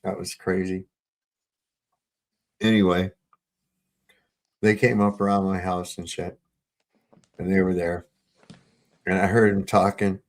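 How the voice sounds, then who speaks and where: A man on a video-call livestream, telling stories with lots of swearing and laughter, getting loud when he retells arguments. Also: deep voice, level tone, slow pace, pauses often. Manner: profane, storytelling, laughs often, gets heated retelling run-ins. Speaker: panel co-host. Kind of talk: casual livestream chat.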